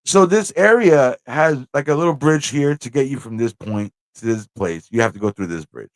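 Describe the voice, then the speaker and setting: A man hosting a casual livestream, telling stories in an animated way, swearing and slipping into put-on voices. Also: mid-range voice, normal speed. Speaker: host.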